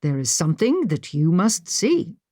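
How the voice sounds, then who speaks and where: A woman narrator voicing a cheerful, teasing aristocratic husband in an audiobook, speaking with a lively lilt. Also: fairly high pitch, moderate pace, no room sound, clean studio sound. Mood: playful.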